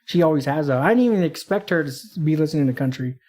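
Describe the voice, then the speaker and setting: A man's voice: fairly high pitch, lively intonation, fast talker, darkish tone. A man co-hosting a podcast, joking around in casual chat. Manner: joking, teasing. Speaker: podcast co-host.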